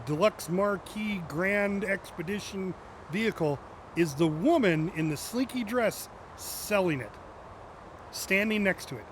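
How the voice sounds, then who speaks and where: While playing a driving game, a man with a fairly high voice chats loosely, joking, laughing a lot, and tossing side remarks to his viewers. This game streamer's speech carries a faint hiss underneath.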